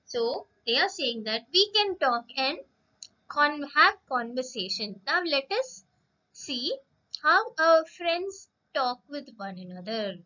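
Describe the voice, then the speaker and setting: A woman teacher giving a slow lesson to young children, drawing out words and asking them questions. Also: high-pitched, big pitch swings, sharp tone, dull audio. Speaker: primary school English teacher.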